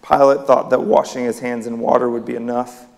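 A man's voice: medium pitch, little pitch movement, fairly quick, vocal fry, a little mellow. A man preaching a sermon in a church hall, emphatic, his voice rising on key words. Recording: long reverb of a hall.

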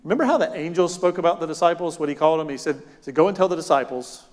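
A man preaching a sermon as pastor, animated, moving between loud emphatic lines and soft, quiet ones. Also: on the high side, very fast. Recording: long hall reverb.

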